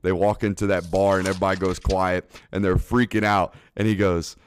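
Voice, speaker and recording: A man's voice: deep voice, level tone, brisk, slight background noise. A man hosting a casual podcast chat, laid-back, with lots of fillers and frequent laughter. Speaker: podcast host.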